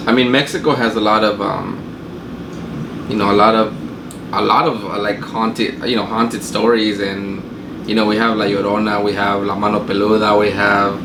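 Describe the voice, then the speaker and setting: A man's voice: fairly low pitch, level tone, moderate pace. A man co-hosting a podcast, asking questions in an easygoing, filler-heavy way. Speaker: podcast co-host. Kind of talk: casual chat. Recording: echoey room with clear noise.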